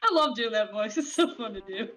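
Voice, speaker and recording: A woman's voice: fairly high pitch, lively intonation, a little fast, fairly bright tone, faint music behind, poor audio. A woman co-hosting a let's play, chatting casually with a giggly, playful manner. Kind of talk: casual gaming chat.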